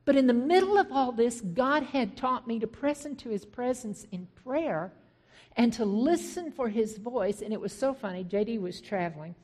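A woman's voice: on the high side, expressive, normal speed, a little mellow. A middle-aged woman minister shares her personal testimony from the pulpit. She tells the story with animation and acts out the back-and-forth of remembered conversations. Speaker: Christian minister.

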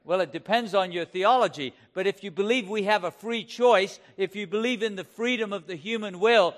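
High-voiced impassioned male preacher. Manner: impassioned, fires rhetorical questions at the congregation; stresses key words slowly and emphatically. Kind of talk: sermon.

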